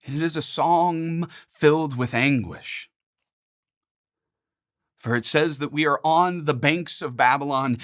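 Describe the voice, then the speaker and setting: A man in his forties teaching a Bible study series, earnest and emphatic, with measured, rhythmic pauses. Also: a little high, fairly bright tone.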